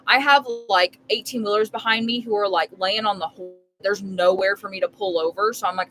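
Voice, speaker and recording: A young woman chats into a live stream from inside her RV as she makes dinner. She tells her story casually and emphatically, rambling on with filler words. Her voice sits at a middle pitch, with a faint hum of background noise behind it. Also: moderate pace, pushed and bright, low-quality recording. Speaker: full-time RV live streamer.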